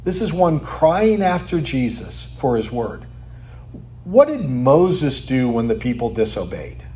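A man preaching a sermon, asking rhetorical questions and tagging lines with "right?", sometimes dropping to a quiet, almost whispered tone for emphasis. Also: medium pitch, big pitch swings, measured pace. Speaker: pastor.

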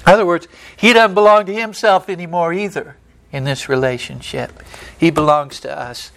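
A middle-aged man preaching a sermon in a folksy, emphatic way, swinging between loud and soft. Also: fairly high pitch, steady tone, moderate pace, gravelly. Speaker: pastor.

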